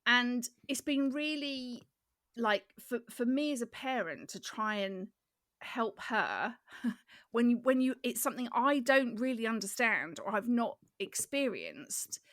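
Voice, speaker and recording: A woman's voice: a little high, animated, a little slow, a bit bright, no room sound, studio quality. A woman co-hosting a podcast, speaking earnestly and hesitantly about parenting. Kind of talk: casual chat.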